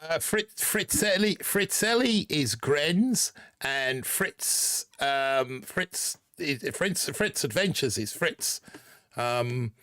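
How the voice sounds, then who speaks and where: A man's voice: a little high, expressive, extremely slow, sharp tone, dry recording, clean studio sound. Man in a dodgy put-on Aussie accent. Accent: put-on Australian accent. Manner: rambling, reads chat names aloud, jokey. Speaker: livestream host. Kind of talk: casual live-stream chat.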